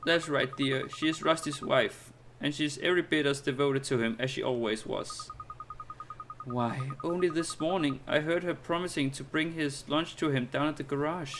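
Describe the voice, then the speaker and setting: A man's voice: mid-range voice, noisy background, natural voice. A man doing a gossipy old neighbor lady. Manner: chattering, sighing, calls everyone dear. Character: gossipy old woman neighbor, fussy and kindly. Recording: game music behind the voice.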